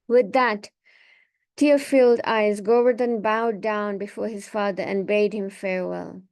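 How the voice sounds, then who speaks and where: A woman leading a scripture reading class, retelling a sacred story in a relaxed, conversational way. She often pauses on fillers and restarts her sentences. Her voice sits at a middle pitch for a woman. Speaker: class speaker.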